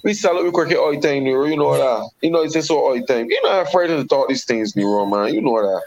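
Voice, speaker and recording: A man's voice: fairly high pitch, expressive, fast, darkish tone. A man with a West Indian accent, a regular panelist arguing heatedly about cricket in a repetitive, emphatic way. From Caribbean. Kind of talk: heated sports debate. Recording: dull lo-fi sound.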